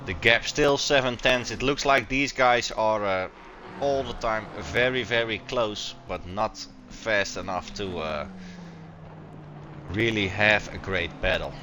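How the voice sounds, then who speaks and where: A man who is not a native English speaker, giving loose, excitable live commentary on a sim race and stumbling over his words, with a faint racing sound behind him. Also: on the low side, takes it slowly, noisy background.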